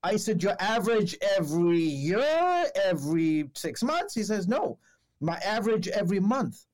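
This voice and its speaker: A man's voice: big pitch swings, normal speed, a little mellow. A man, a television reporter, telling a story in a casual podcast chat, with lots of fillers and restarts, and acting out the people he quotes. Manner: acts out quoted exchanges with raised pitch.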